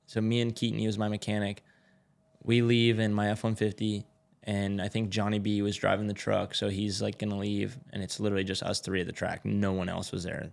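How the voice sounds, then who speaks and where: Man, lowish voice, casual storyteller, swears freely, laid-back. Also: creaky. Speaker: motorcycle racer guest.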